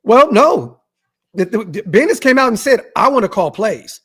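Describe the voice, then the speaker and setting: A man's voice: sits high, big pitch swings, normal speed, a bit bright, breathy edge. A man hosting a podcast interview in a casual way, pressing his guest with follow-up questions. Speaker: podcast host.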